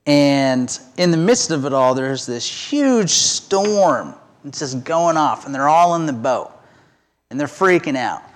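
A man's voice: a little high, expressive, unhurried. A middle-aged man giving a conversational, self-deprecating sermon as pastor.

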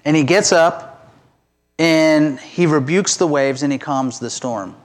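Middle-aged guy pastor, kinda high voice, casual sermon, jokes at himself. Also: takes it slowly. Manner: conversational, self-deprecating preaching with restarts.

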